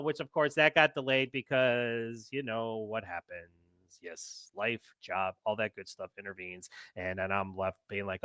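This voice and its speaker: A man hosting a podcast in casual chat, excitable and ranting, with the odd curse. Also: a little high, smooth, no echo. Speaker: podcast host.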